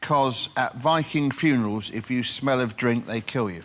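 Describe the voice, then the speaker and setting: A man's voice: mid-range voice, moderate pace, slight background noise. A man on a comedy panel show, firing off punning one-liners.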